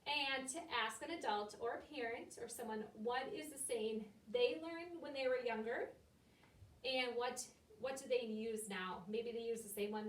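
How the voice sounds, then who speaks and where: A woman teacher with a fairly high voice walks young children through a recorded lesson one step at a time. She speaks patiently and clearly. She stands a little back from the mic in a room with a lot of echo. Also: far from the mic. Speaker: elementary school teacher. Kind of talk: recorded remote classroom lesson.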